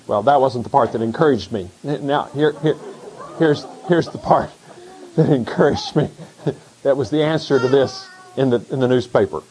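A middle-aged man, a pastor, preaching a conversational sermon that swings between hushed asides and excited emphasis. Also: medium pitch, normal speed, slight background noise, poor audio.

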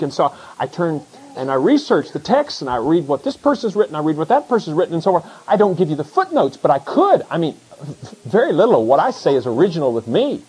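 Middle-aged male pastor, husky voice, chatty sermon delivery, drops low then lifts high. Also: quick pace, low-quality recording. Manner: conversational preaching, swings from hushed to excited.

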